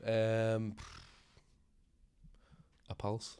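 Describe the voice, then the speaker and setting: A man's voice: fairly low pitch, completely flat delivery, extremely slow, dark tone, smooth. A man being interviewed as a singer, talking casually in a rambling, self-deprecating way with many fillers and restarts.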